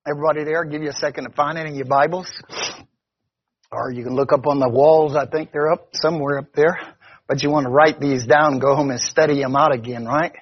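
A man's voice: on the high side, husky. A man preaching a conversational sermon as pastor, often stopping to ask "see?". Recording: dull lo-fi recording.

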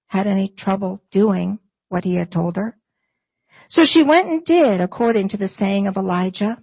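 A woman's voice: medium pitch, breathy edge, dry recording, dull audio. A woman preaching and reading scripture to her church, earnest and emphatic and repeating key phrases. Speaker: church speaker, not the pastor.

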